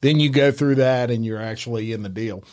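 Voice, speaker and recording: A man's voice: mid-range voice, brisk, darkish tone. A man hosting a podcast, telling a story in a blunt, emphatic way. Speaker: podcast host. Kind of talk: casual chat.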